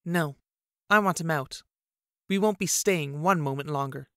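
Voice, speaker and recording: A man's voice: fairly high pitch, unhurried, pushed and bright, smooth, no room sound, clean studio sound. A man voicing a blunt, curious young girl who speaks in matter-of-fact commands. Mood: commanding.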